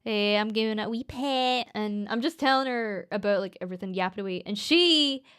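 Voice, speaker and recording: A woman's voice: mid-range voice, brisk, fairly bright tone, clear, resonant tone. A young Scottish woman streamer rambling through a casual story with lots of fillers and giggles. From Scotland. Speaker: streamer and voice actress.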